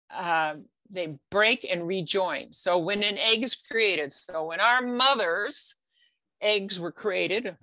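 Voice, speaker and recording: Middle-aged US woman presenter, conversational, low-pitched, dry sound. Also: a bit bright, dry recording. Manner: conversational, frequent "okay?" and restarts. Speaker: genealogy presenter. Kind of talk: explaining slides in a talk.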